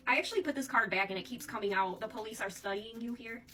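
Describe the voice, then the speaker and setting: A woman's voice: a little high, fast, pushed and bright, distant mic, low-quality recording. A woman giving a casual tarot reading, chatting to her viewers and often calling them "Divine Collective". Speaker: tarot reader.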